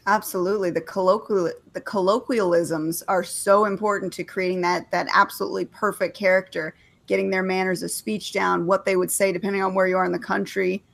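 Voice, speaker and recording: A woman from Texas co-hosts a relaxed writers' show in a mid-range voice. She sounds upbeat and eager, quick to agree and jump in with her own stories. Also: mid-range voice, gravelly. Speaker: co-host. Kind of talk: casual chat.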